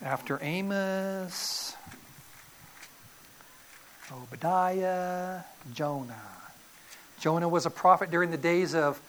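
Middle-aged male preacher; animated, folksy sermon delivery with sharp swings from loud to hushed. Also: high voice, slow, pauses often, a little hiss or hum. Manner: animated, folksy storytelling with sudden loud bursts and quiet drops. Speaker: pastor.

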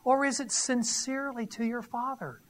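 A man's voice: extremely high pitch, steady tone, moderate pace, a little hiss or hum. A man preaching a sermon in a conversational way, reading scripture and asking the audience questions with a teasing, emphatic delivery. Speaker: pastor.

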